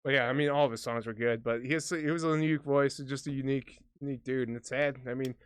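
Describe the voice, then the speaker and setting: A man co-hosting a podcast in casual chat, rambling and jokey with plenty of swearing, whose voice he calls high for a big guy. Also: steady tone, fast, clear, resonant tone, no echo, clean studio sound. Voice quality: high voice for a big man, says smoking affected it. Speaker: podcast co-host.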